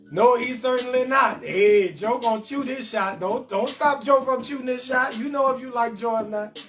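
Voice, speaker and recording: Brash new guy hosting a comedy live stream, real high voice, faint music behind. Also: a bit bright, far from the mic. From New Orleans. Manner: brash, rambling, slips into sing-song. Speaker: comedian host of a live call-in show.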